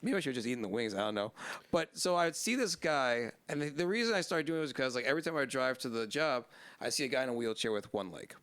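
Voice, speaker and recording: A man's voice: medium pitch, lively intonation, quick pace, fairly bright tone, smooth, no room sound. A man hosting a casual podcast, telling long rambling stories full of swearing and laughing at his own punchlines. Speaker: podcast host.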